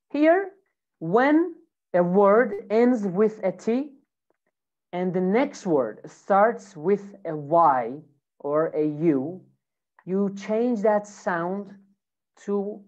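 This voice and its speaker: A woman's voice: mid-range voice, expressive, drawn-out words, long pauses, a little mellow, highs cut off. A woman teaching English pronunciation in a lesson, repeating example words over and over with exaggerated emphasis.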